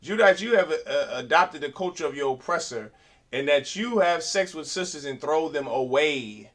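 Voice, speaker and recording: A man teaching a class in an emphatic preaching style, asking rhetorical questions and rising to loud, forceful delivery. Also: on the high side, lively intonation, moderate pace. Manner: uses rhetorical questions and quoted voices.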